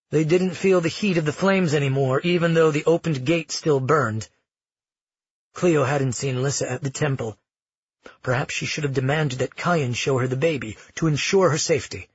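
Husky, slightly higher male narrator, steady audiobook read on a dull, dry recording. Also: no room sound. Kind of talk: scripted narration.

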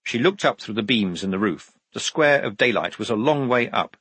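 A man narrating an audiobook with lively, expressive storytelling. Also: fairly low pitch, moderate pace, breathy edge. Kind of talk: scripted narration.

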